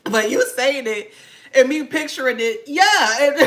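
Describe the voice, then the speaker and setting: A woman's voice: high voice, fairly bright tone, a little hiss or hum. A woman hosting a casual talk to camera, sassy, laughing often and swearing freely. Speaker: channel host.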